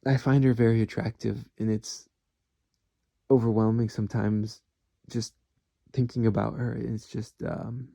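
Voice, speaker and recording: Man, very gravelly low-lit voice, dry close sound; candid rambling solo vlogger who swears. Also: flat delivery, a little slow, pauses often, dark tone, no room sound. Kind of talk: rambling personal monologue.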